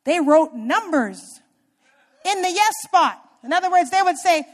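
High-voiced woman preaching a lively sermon. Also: measured pace. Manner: conversational, often asks the congregation questions; swings between loud emphatic lines and soft low ones.

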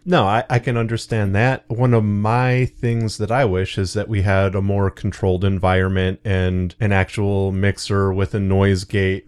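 A man hosting an interview, talking in a relaxed, earnest way. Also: sits low. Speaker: podcast host and author. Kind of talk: casual interview chat.

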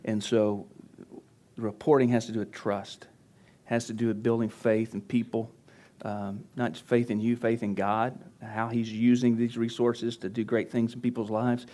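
A pastor teaching church leaders at a conference workshop, talking conversationally and getting animated when he acts out his coaching. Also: medium pitch, normal speed. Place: conference session room.

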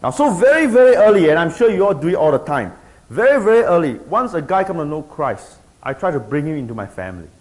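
A man's voice: a little high, fast. A middle-aged man teaching a group about discipling, often checking in with his listeners. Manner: animated, keeps checking in with the audience. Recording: dull lo-fi recording.

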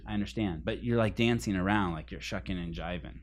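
Male podcast host, lowish voice, loose profane storyteller, casual banter. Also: a little fast. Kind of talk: casual chat.

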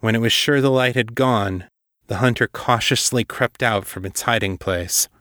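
A man hosting a podcast, reading a dark fantasy story as scripted narration in a measured, deliberate way. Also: medium pitch, no room sound, clean studio sound.

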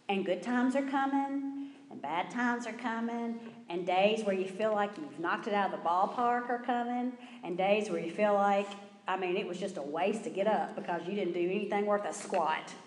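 A woman gives a personal testimony in a church, telling her story with lively acted-out quotes. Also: medium pitch. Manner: animated storyteller acting out quotes. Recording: roomy hall with long reverb.

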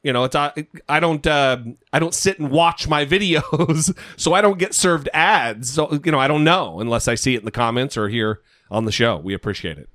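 A man's voice: fairly high pitch, normal speed, few pauses, no room sound, studio quality. A man co-hosting a podcast in casual chat, swearing freely and joking about himself. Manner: profane, self-deprecating, animated. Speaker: podcast co-host.

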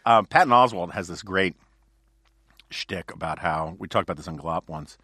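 A man's voice: deep voice, moderate pace, pushed and bright, dry recording, clean studio sound. A man hosting a podcast, telling rambling stories in casual chat with many fillers and restarts. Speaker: podcast host.

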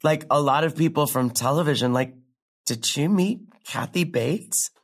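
A woman's voice: sits low, normal speed. A woman playing a catty, needling old classmate. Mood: passive-aggressive. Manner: passive-aggressive, needling, fake-sweet; peppers speech with "like". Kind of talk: contemporary stage drama dialogue.

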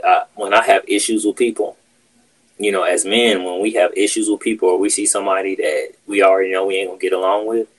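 A man's voice: sits low, slightly rough, rough recording. A man hosting a podcast, telling a workplace story in casual, profane chat. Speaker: podcast host.

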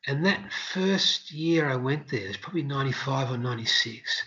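A man's voice: normal speed, highs cut off. A man who worked as a street performer, telling stories casually in an interview and acting out the voices of people he quotes. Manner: animated storyteller, acts out quotes in high shouts.

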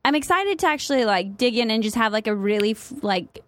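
A woman's voice: on the high side, animated, brisk. A young woman co-hosting a casual podcast, chatty and full of fillers and laughs. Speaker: podcast co-host. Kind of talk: casual chat.

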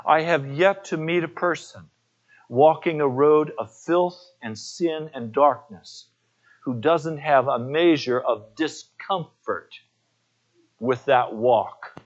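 A man's voice: on the high side, slow, lo-fi sound. A man preaching a sermon as pastor, telling personal stories in an earnest way.

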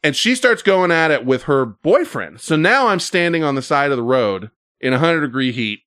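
A man's voice: fairly high pitch, sing-song, moderate pace, fairly bright tone, clean tone, no room sound, clean studio sound. A man telling a story casually, with lots of fillers and swearing.

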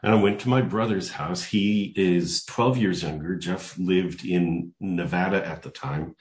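An older man with a deep, low-pitched voice tells a personal story to an interviewer. He is animated and keeps acting out the voices of the people in his story. The recording has a noticeable room echo. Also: measured pace. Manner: animated storyteller who acts out quoted voices. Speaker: guest. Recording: echoey room.

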